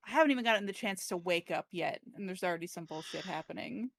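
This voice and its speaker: A woman's voice: fairly low pitch, fast, vocal fry, no room sound. Wry woman playing a tabletop game. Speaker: player. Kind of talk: casual tabletop play.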